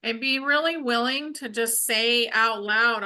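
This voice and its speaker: A woman's voice: a little high, measured pace, hardly any pauses, bright, forceful tone. A woman co-hosting a casual spiritual chat, talking earnestly and candidly about her own experience. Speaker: spiritual healing podcast co-host.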